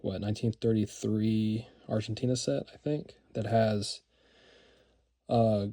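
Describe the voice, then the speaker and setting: This card collector vlogger takes it slowly, his low, level voice creaky yet warm. He rambles enthusiastically through a casual show-and-tell of his collection, using lots of fillers and repeating words.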